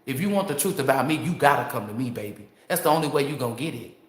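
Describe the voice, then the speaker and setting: This tarot reader has an extremely low, expressive voice and talks fast, speaking straight to her audience without a script. Her storytelling is fiery, crude and blunt, full of rhetorical asides, and the recording carries a roomy echo.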